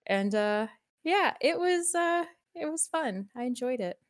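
A woman's voice: sits high, lively intonation, measured pace. A woman co-hosting a casual film podcast, speaking hesitantly with many fillers. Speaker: podcast co-host. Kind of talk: casual chat about films.

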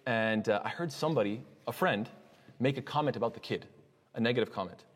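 A man giving a religious lesson, telling a personal story with lively acted-out dialogue and frequent restarts. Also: mid-range voice, fairly quick, long reverb tail. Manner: animated storytelling, acts out dialogue; frequent restarts and Islamic phrases. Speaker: Islamic lecturer.

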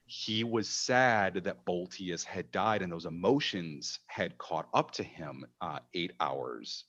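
A man with a deep, low voice tells a long anecdote about running a game for kids. He talks in an animated, emphatic way, full of fillers and restarts, as in a casual panel chat. The sound is somewhat dull and lo-fi. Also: takes it slowly. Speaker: game master telling a story.

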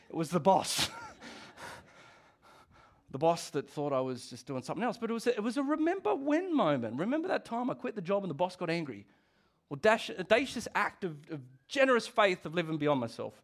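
Middle-aged man, pastor preaching a sermon, high-pitched voice, animated and conversational, frequent restarts. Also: a little fast.

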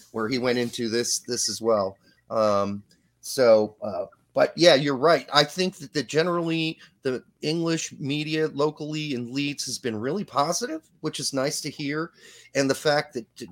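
Relaxed male podcast host, mid-pitched. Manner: relaxed, hands off the turn to co-hosts. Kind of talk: casual live podcast chat.

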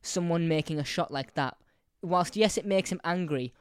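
Animated male podcast co-host with a smooth voice. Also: on the high side, normal speed, no room sound, studio quality. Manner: animated, laughs often, swears, repeats words and does voices for quotes. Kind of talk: casual chat.

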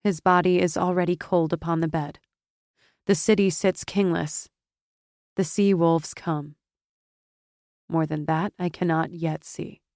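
A woman voicing a proud war goddess with a low, powerful delivery in an audiobook. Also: fairly even intonation, unhurried, long pauses, darkish tone, no room sound, studio quality. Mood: solemn.

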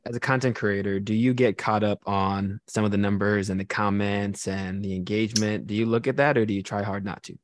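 A podcast host who asks relaxed, encouraging questions in an interview. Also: sits low, fairly quick, few pauses, dry recording, studio quality.

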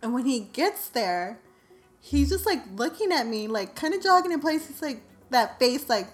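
Chatty young woman vlogger, high voice. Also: moderate pace, soft background music. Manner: animated, self-mocking, lots of "like". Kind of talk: casual storytelling.

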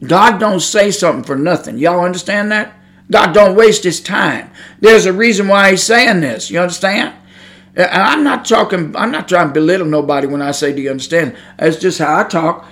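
A man's voice: sits high, moderate pace, a bit bright. A man preaching an informal podcast sermon into a microphone, folksy and emphatic, swelling to fervent intensity. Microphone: studio microphone.

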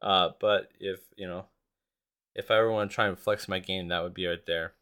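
Male podcast host, low and forceful, cursing and self-deprecating, loose rambling delivery. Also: steady tone, fairly quick, smooth. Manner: profane, self-mocking, laughs often; rambling with restarts. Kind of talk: casual solo podcast chat.

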